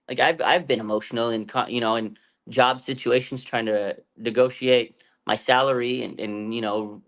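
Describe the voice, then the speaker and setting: A man's voice: mid-range voice, a bit bright. Rambling man talking football. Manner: rambling, conversational, frequent fillers and restarts. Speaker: fan channel host. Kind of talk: casual sports talk livestream.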